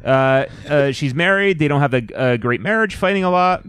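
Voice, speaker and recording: A man's voice: on the high side, animated, moderate pace, a bit bright, clean tone, no echo, studio quality. A man co-hosting a casual podcast, steadily recapping a movie's plot. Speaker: podcast co-host. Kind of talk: casual chat, recapping a film.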